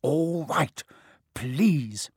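A man's voice: fairly high pitch, lively intonation, very slow, a little mellow, husky, no echo, clean studio sound, heavily acted. A man voicing a bad-tempered old male caretaker, urgent and demanding.

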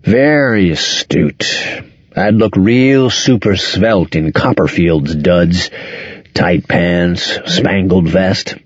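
Audiobook figure: sardonic heavyset man, read by a man, mild voice, lively pitch, dull dry sound. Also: unhurried, husky, no echo, exaggerated voice. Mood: mocking. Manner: wry, sardonic banter.

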